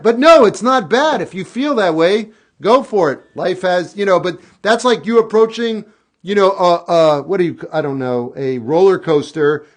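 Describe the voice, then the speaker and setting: Man, high voice, live stream host, casual advice, goofy outbursts. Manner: animated, goofy bursts of shouting; reflective, candid advice.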